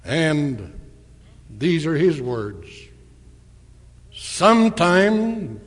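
A man giving a storytelling address at church, slowly and deliberately retelling a conversation. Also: medium pitch, animated. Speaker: church speaker. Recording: long hall reverb.

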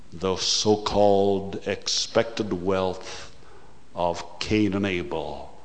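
A man preaching a sermon, slow and deliberate, rising to loud, fast bursts before dropping low again. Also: big-room sound.

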